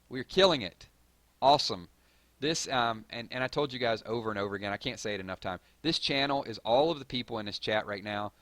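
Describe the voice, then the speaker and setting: A man with a Southern drawl hosting a live stream, reading viewer comments and hyping up his audience in a rambling, excitable way. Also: medium pitch, brisk, no echo. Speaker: gaming channel host.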